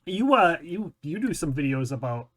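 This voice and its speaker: A man hosting a casual podcast interview, easygoing and quick to laugh, often restarting his sentences. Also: fairly high pitch, big pitch swings, a bit bright. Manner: easygoing, laughs a lot, stumbles over words. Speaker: podcast host.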